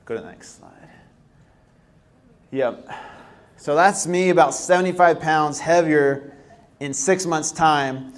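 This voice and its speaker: A man's voice: fairly high pitch, takes it slowly, pauses often. A young man speaking to a workshop audience. His delivery is casual and loose, full of fillers and restarts. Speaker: presenter at a healthy living workshop. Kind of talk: live presentation talk. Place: workshop room.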